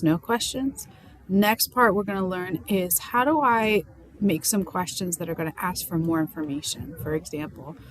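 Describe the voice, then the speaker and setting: A woman's voice: fairly low pitch, slight background noise, low-quality recording. A woman teaching French question words in an upbeat, playful way. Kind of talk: lesson.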